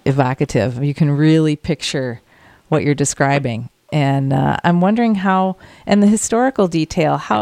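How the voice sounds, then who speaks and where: Smooth-voiced radio host. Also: mid-range voice, darkish tone, no echo. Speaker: radio host interviewing an author. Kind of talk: radio interview.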